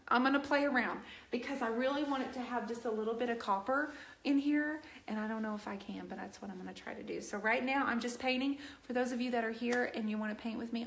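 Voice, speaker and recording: An earnest woman hosts a live painting stream and talks straight to her viewers with emphasis. Her voice sits fairly high. The room around her has a noticeable echo. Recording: roomy echo.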